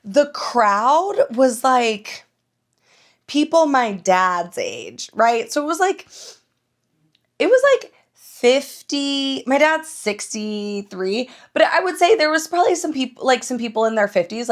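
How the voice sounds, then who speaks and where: A young woman hosting her own podcast, telling stories in a casual, animated way, swearing freely and laughing often. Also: high voice. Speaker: podcast host. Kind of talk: casual solo podcast chat.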